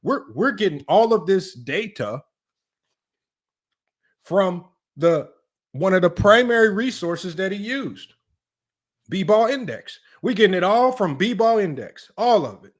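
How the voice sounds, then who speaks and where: Man, fairly high voice, sports debate stream host, emphatic, repetitive, argumentative. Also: animated, slow pace, pauses often. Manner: emphatic, repetitive, keeps asking "right?". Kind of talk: livestream sports commentary.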